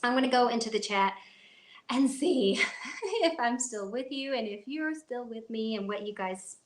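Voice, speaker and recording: A woman's voice: fairly high pitch, normal speed, echoey room. A woman with a Kentucky accent hosting a casual live chat stream from her phone, rambling and laughing often. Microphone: phone at arm's length.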